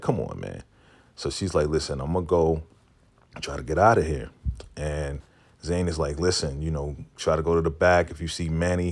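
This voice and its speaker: A man with a deep, low voice talks through a TV episode in a relaxed, casual way. He slips into quick impressions of the characters as he goes and laughs often. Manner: laid-back storytelling, acts out character lines, laughs often. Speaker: recap vlogger.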